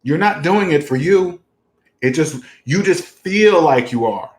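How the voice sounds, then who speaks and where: Fired-up guy explaining money stuff, kinda high voice, lots of rhetorical questions, roomy echo. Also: lively intonation, unhurried. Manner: emphatic, repeats catchphrases, asks rhetorical questions. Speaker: personal finance channel host. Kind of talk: casual direct-to-camera talk.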